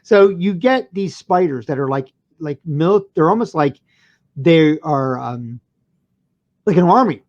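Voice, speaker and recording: A podcast co-host rambles through a casual movie review, swearing freely and restarting sentences. The voice is very lively and swoops up and down in pitch. The audio sounds dull and lo-fi. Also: unhurried.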